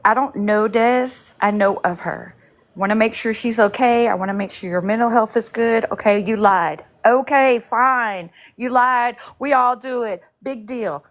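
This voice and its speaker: Fed up woman rambling on a live stream, bit high voice, lots of likes and restarts. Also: normal speed. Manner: frustrated, rambling with fillers. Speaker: livestream host. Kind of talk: casual livestream chat.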